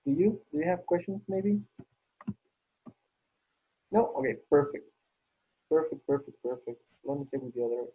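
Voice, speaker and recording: Guy teaching english on a video call, husky voice, sounds like a phone line. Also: on the high side, animated, normal speed, long pauses. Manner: patient, repeats praise often. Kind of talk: online class teaching. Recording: tinny phone-like call audio.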